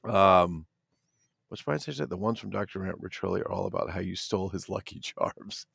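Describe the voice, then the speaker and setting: A man's voice: low voice, moderate pace, gravelly, fairly bright tone, husky, no echo, studio quality. A middle-aged man hosting a casual toy-collector livestream, rambling and swearing while he reads the chat.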